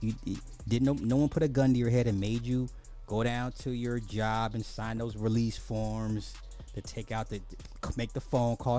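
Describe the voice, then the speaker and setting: A man's voice: medium pitch, level tone, moderate pace, warm tone, faint music behind. A man hosting a podcast, ranting bluntly in casual social commentary, full of profanity and sarcastic apologies. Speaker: podcast host.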